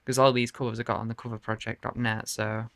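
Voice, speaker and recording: Gravelly-voiced man chatting casually. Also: mid-range voice, flat delivery, fast talker, background noise. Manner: rambling, laughing and swearing often. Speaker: video game collector showing his cases. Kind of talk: casual chat to camera. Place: bedroom.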